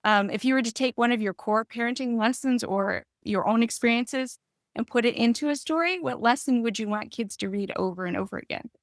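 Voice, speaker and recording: A woman's voice: on the high side, fairly quick, no room sound, clean studio sound. A woman hosting a parenting podcast, asking her guest questions in a casual way. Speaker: podcast host. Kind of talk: casual interview.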